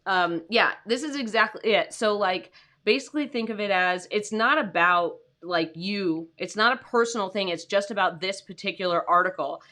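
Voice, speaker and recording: Bright-voiced chatty woman streaming from home. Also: medium pitch, normal speed. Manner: chatty, many fillers, greets viewers by name. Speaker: freelance writing coach hosting a livestream. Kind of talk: casual livestream chat. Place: home, with her dogs nearby.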